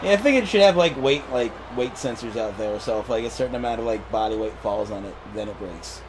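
A man's voice: medium pitch, quick pace, background noise. A young man giving casual, laughing play-by-play commentary on a wrestling video game.

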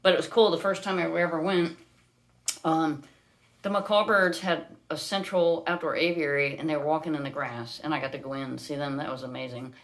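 An American woman chats casually on a live stream with her pet parrot, often switching into a high, sing-song voice to coo at the bird. Otherwise her intonation is fairly even, and she talks a little fast.

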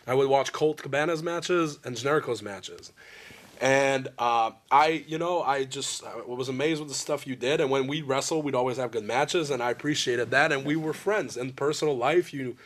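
A man's voice: mid-range voice, normal speed, fairly bright tone. A man interviewing a friend, telling long rambling stories bluntly and swearing freely. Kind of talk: candid interview conversation.

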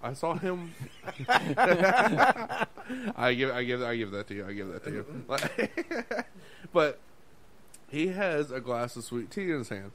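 A man's voice: fairly high pitch, sing-song, slow, pauses often, a crowd in the background. A man co-hosting a podcast, telling a restaurant story in casual chat, swearing often, laughing, and acting out what people said. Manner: profane, laughing, acts out quotes. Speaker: podcast co-host.

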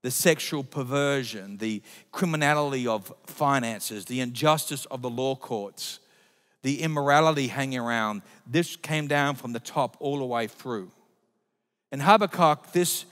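A man preaching a sermon as pastor, emphatic, swinging between loud declarations and quiet asides. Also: a little high, moderate pace. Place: church. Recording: long reverb of a church hall.

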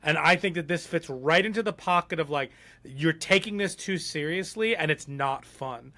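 A man co-hosting a podcast, talking in a loose, rambling way with plenty of fillers. His voice sits a little on the high side, and he states his views bluntly. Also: normal speed, pushed and bright. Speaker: podcast co-host. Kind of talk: casual chat.

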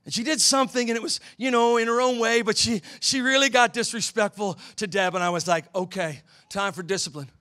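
A middle-aged man preaching a sermon in a church, telling a family story and building to shouts at the high points. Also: a little fast, few pauses, clean tone. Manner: storytelling, swells to shouting at climaxes. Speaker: pastor.

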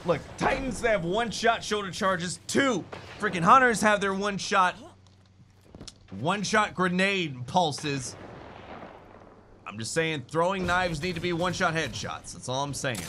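A young man talks through a shooter match in a lively, slightly high voice that jumps all over. He jokes, grumbles and bursts into shouts. Gunfire from the game is clearly heard behind him. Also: unhurried, a little hiss or hum. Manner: excitable, jokey, sudden shouts. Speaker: gaming YouTuber. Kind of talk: live gameplay commentary.

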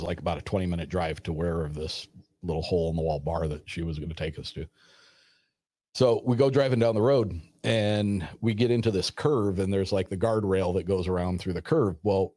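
A man casually retelling a personal story in a rambling, animated way, acting out the dialogue as he goes. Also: deep voice, dry recording, studio quality. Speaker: storyteller guest.

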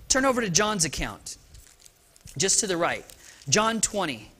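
Male pastor preaching at a church service, high and bright, loose, chatty delivery full of restarts. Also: unhurried, long pauses, slightly rough. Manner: lively and conversational, with frequent restarts and asides. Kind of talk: Easter sermon.

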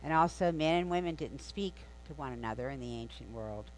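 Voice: medium pitch, animated, fairly quick, low-quality recording. A preacher delivering a sermon in an easy, conversational way, weaving the story along with casual asides. The voice sits in a middle register. A faint electrical hum runs underneath. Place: church sanctuary.

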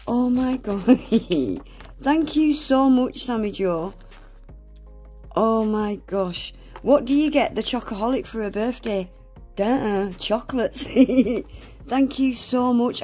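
Slow-talking woman gasping over gifts. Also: fairly high pitch, mellow, soft background music. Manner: gasping, exclaiming, swears casually. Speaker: nail art vlogger. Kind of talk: casual unboxing vlog.

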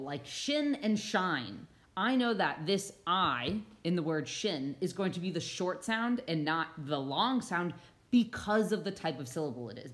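A woman with a notably low voice walks through a phonics lesson over slides. She explains each point patiently and sounds words out slowly for young listeners. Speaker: reading teacher.

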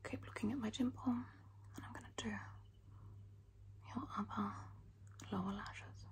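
A man's voice: high voice, fairly even intonation, slow pace. A man voicing a rich, fussy Australian mother in a whispered role-play, doing someone's lashes with frank backhanded compliments. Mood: doting. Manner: breathy whisper, calls everyone darling, frank backhanded compliments. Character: rich doting Australian mum, blunt and fussy. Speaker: lash artist character.

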